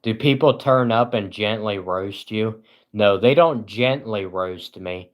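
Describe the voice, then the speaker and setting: A male live streamer with a fairly low voice who talks casually to his chat. His tone is dry and sarcastic, delivered deadpan, and he rambles along with frequent filler sounds. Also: slow pace.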